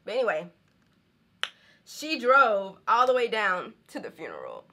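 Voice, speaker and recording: A woman's voice: medium pitch, wildly swooping pitch, unhurried, bright, forceful tone. A young woman with a Southern American accent, from the rural South, chatting candidly to camera in a home vlog. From Southern United States, rural. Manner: chatty, candid, frequent laughs, says y'all. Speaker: vlogger. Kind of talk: casual chat to camera.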